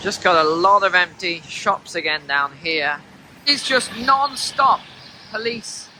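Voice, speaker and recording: A man's voice: high voice, slow pace, background noise. A man talking to his viewers in a chatty way as he films a walk through city streets in the snow. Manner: chatty, talks to viewers while walking. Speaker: vlogger. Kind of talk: walking travel vlog commentary.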